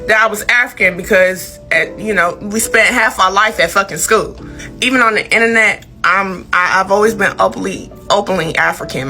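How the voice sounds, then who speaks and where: Bright-voiced Southern woman, candid. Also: a little high. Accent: Southern US country. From Georgia, US. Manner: candid, profane, drawling. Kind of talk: casual storytelling to camera.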